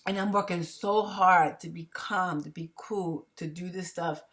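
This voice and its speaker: A stressed woman vlogging about her troubles, rambling and halting with many fillers and restarts. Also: on the low side, steady tone, fairly bright tone. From United States. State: stressed, agitated. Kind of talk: emotional personal vlog.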